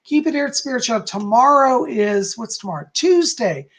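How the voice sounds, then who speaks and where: A man's voice: very high voice, lively intonation, normal speed, fairly bright tone, slight background noise. A man hosting a live stream as a psychic, relaying spirit messages to viewers by name while losing his voice.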